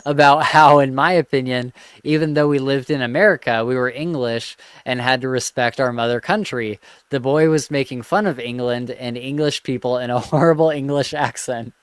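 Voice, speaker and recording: A man's voice: mid-range voice, clear, resonant tone, dry recording. A man hosting a podcast, casually chatting and reading a listener's story aloud with an amused tone. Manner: amused, laughs between lines. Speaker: podcast host.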